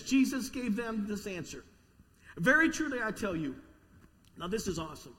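A man preaching a sermon to a congregation in a church, energetic with call-and-response. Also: very high voice, long reverb tail. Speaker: pastor. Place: church sanctuary.

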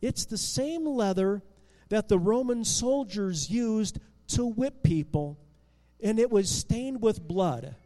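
Expressive male storyteller, high voice, echoing. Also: slow pace. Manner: expressive, with restarts and swings in loudness. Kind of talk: dramatic Bible storytelling.

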